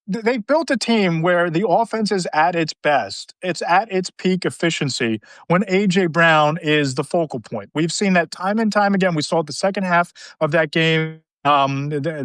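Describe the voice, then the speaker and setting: A man hosting a casual sports podcast, talking briskly with lots of restarts and fillers. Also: a little high, fairly bright tone, no echo, rough recording. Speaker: podcast host. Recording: dry close sound.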